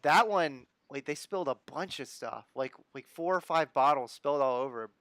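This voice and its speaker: An American man hosts a live stream, chatting easily, chuckling, and reading viewer comments out loud in a laid-back way. His voice is slightly high and a bit bright, at a normal speed.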